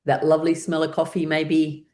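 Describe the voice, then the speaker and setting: A woman's voice: deep voice, completely flat delivery, normal speed, darkish tone. Cheerful woman leading a laughter class. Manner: cheerful, coaching, breaks into rhythmic ha-ha laughter. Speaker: laughter yoga instructor. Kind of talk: guided laughter exercise class.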